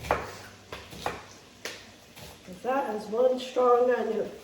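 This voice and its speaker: A woman's voice: on the high side, fairly even intonation, very slow. A woman, chatting to viewers as she demonstrates a recipe in her kitchen. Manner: chatty, folksy, talks to viewers while chopping. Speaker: home cook demonstrating a recipe. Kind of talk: casual cooking demonstration. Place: home kitchen. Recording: roomy kitchen, mic at a distance, faint noise.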